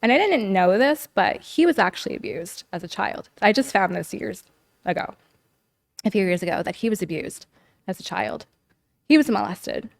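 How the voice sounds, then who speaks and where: A woman's voice: medium pitch, expressive, normal speed, creaky. A woman as a podcast guest, earnestly telling a personal story in casual speech packed with "like" and "you know.". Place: living in Los Angeles.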